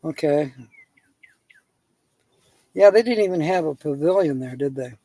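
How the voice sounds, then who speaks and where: A man's voice: a little high, lively intonation, measured pace, mellow, no echo. A man hosting a live stream, rambling through casual chat and telling jokes while chuckling at them.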